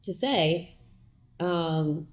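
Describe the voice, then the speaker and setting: A woman chats openly as a guest in an interview. Her voice sits a little low. She tells stories in a lively way and jumps into quoted lines of dialogue. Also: extremely slow. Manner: candid, animated, acts out quoted lines. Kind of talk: casual conversational interview.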